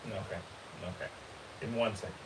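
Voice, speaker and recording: A man co-hosting a casual podcast, giving brief, low-key replies. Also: fairly even intonation, moderate pace. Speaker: podcast co-host. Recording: distant mic with clear hiss.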